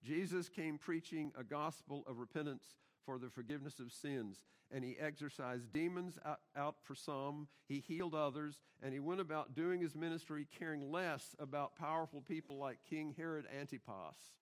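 A man's voice: a little high, normal speed, few pauses. A middle-aged pastor preaching a sermon in his church, emphatic and putting rhetorical questions to the congregation. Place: church sanctuary.

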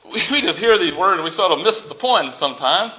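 A man preaching a sermon as pastor, reading scripture aloud and speaking in an animated way, with light jokes for his congregation. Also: sits high, fairly quick, poor audio.

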